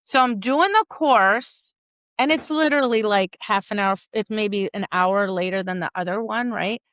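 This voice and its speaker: A woman co-hosting a dog training podcast, telling stories in a casual, animated way and slipping into quick voices for the people and dogs in them. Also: medium pitch, no echo.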